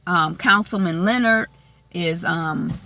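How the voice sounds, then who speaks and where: Gravelly bright woman recapping TV. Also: on the low side, extremely slow, no room sound. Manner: chatty, frequent "um" and "like", acts out quoted lines. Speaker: TV episode recapper. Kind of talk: casual spoken recap.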